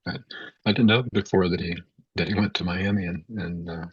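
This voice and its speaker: A man giving a spiritual talk as a teacher, speaking haltingly with many repeated words and fillers. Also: deep voice, steady tone, husky, dry recording. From United States. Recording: dull, dry, lo-fi sound.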